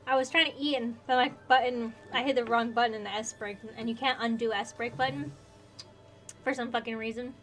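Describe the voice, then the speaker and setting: A woman's voice: on the high side, steady tone, fairly quick, fairly bright tone. A woman streamer chatting casually and swearing as she plays a game, with faint game music behind. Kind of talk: casual gameplay commentary.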